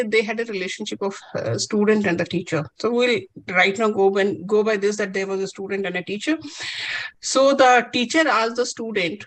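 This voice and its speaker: A woman's voice: mid-range voice, rough recording. A woman giving an inaugural science talk as guest speaker, telling stories and asking questions earnestly. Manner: earnest, question-driven storytelling. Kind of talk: inaugural lecture storytelling.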